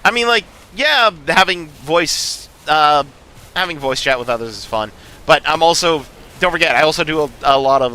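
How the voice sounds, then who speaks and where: A man's voice: mid-range voice, sharp tone, a little hiss or hum. A man streaming a game and chatting casually with his viewers, laughing often and restarting his sentences. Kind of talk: casual livestream chat.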